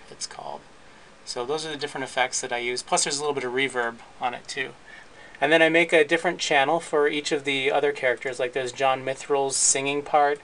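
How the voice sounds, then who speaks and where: A man hosting his podcast, casually walking through his recording and editing setup in a relaxed, rambling way with frequent restarts. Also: mid-range voice, low-quality recording. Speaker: podcast host and editor. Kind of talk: casual gear walkthrough.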